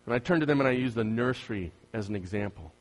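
A man preaching a sermon as pastor, asking his congregation questions and swinging from loud emphasis to soft, quiet asides. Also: fairly low pitch, expressive, quick pace.

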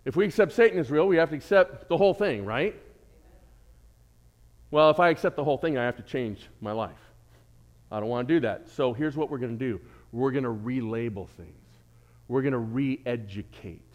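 A man preaching a sermon as pastor, animated, with jokes and asides to the congregation. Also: medium pitch, normal speed.

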